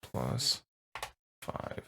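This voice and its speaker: A man's voice: very slow, sharp tone, slight background noise. A man running a tabletop game as game master, narrating casually with lots of fillers and rambling asides.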